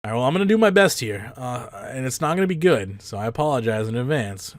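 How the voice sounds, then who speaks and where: A young adult man hosting a casual podcast, quick and self-mocking, ranting with bursts of laughter. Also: mid-range voice, animated, no room sound. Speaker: podcast host.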